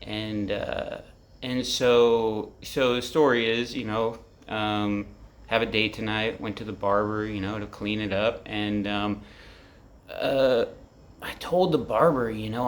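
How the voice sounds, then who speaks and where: A man's voice: on the low side, fairly even intonation, slow pace, slight background noise. A man in his forties rambling candidly about his feelings in a vlog, swearing freely and leaning on lots of fillers, recorded in his apartment. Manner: rambling, profane, heavy with fillers. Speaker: vlogger. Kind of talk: candid personal reflection to camera.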